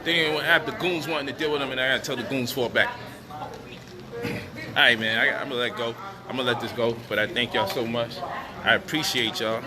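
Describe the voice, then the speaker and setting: A man's voice: medium pitch, steady tone, moderate pace, crowd noise. A man boasting and talking casually with streetwise slang, addressing viewers about debating and teaching. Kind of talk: boastful casual talk to camera. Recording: noisy street ambience.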